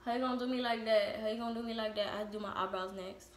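A young woman vlogger telling a story while doing her makeup, blunt and animated, with lots of swearing. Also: fairly high pitch, fast. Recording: echoey room with faint background noise.

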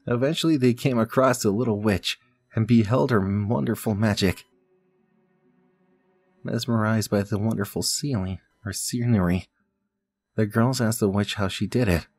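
A man's voice: on the low side, normal speed, darkish tone, no room sound. A man playing a puzzle game who reads the story text aloud, mutters to himself and swears. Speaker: let's play gamer. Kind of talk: casual game commentary and reading aloud.

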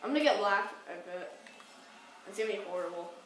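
Lively young girl gamer, very echoey. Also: mid-range voice, fairly quick. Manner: lively, swings from excited yelps to mumbled asides. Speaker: co-player. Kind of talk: casual gaming chat. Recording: very echoey room, mic far off, faint background noise.

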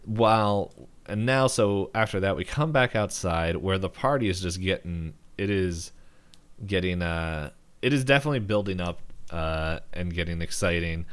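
A young man with a slightly low voice chats through a cartoon episode on a podcast. His delivery is loose and rambling, full of laughs, with sudden high jumps when he mimics the characters. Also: normal speed, clear, resonant tone. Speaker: podcast co-host. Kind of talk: casual chat recapping an episode.

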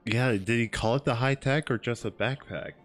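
A man streaming a game, chatting casually, laughing often and thinking out loud as he works through clues. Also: mid-range voice. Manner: laughs often, thinks aloud, spells words out slowly. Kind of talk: casual gameplay chat. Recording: faint game music behind.

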